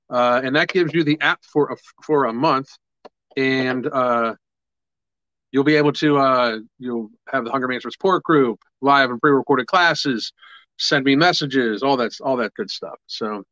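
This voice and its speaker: A man's voice: mid-range voice, a bit bright, no room sound, dull audio. A man hosting a casual livestream, chatting loosely with viewers, swearing freely and upbeat about his products. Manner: casual, profane, upbeat, reads viewer comments aloud. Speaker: livestream host.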